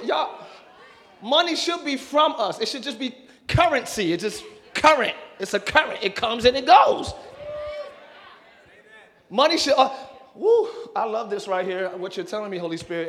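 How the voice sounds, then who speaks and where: A middle-aged male pastor preaching in church, his voice pitched unusually high with a bright, forceful edge. He teaches calmly, then builds to shouted fervor, throwing in whoops and joking asides to the congregation. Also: normal speed, some chatter behind. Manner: interjects "woo" and jokes with the congregation. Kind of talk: sermon.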